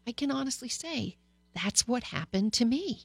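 A woman's voice: on the high side, animated, moderate pace, vocal fry, husky, dry recording. A middle-aged woman psychologist hosting a talk radio show, speaking candidly and personally with frequent hesitations. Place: radio studio.

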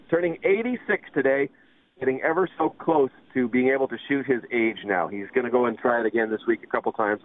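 A man in his fifties co-hosting a golf radio show, chatty and quick to laugh. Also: mid-range voice. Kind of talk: casual radio chat. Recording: phone-like radio audio.

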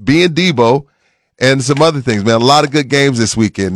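A man in his forties hosting a sports radio show, talking in lively banter that turns loud and laughing when he gets riled up. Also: mid-range voice, normal speed, no echo, clean studio sound. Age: 40s. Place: radio studio. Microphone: studio mic.

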